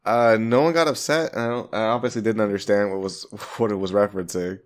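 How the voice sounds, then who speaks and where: Male co-host, lowish voice, deadpan jabs at the others. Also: fast talker. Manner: teasing, deadpan. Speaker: podcast co-host. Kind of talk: casual chat.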